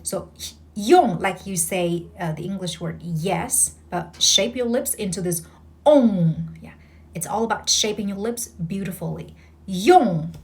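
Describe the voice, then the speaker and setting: Woman, Mandarin tutor, slow and patient, middle pitch, repeats sounds for the learner. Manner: breathy whispered demonstrations of sounds. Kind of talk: slow, patient language lesson.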